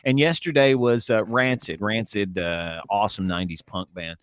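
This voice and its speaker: A man's voice: lowish voice, steady tone, moderate pace, clean tone, no room sound. A man co-hosting a casual morning internet show, talking in a rambling way with lots of fillers and restarts.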